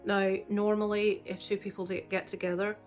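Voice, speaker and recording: A woman's voice: mid-range voice, little pitch movement, moderate pace, faint music behind. Chatty woman reviewing films. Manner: chatty, candid, frequent "um" fillers. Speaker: film reviewer. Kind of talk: casual vlog review.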